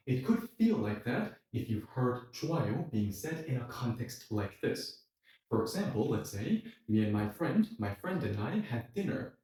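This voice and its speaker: A man teaching a language lesson online, explaining step by step and acting out short quoted exchanges with lively shifts in his voice. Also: mid-range voice. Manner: animated, acts out quoted dialogue. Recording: very echoey room, voice from a distance.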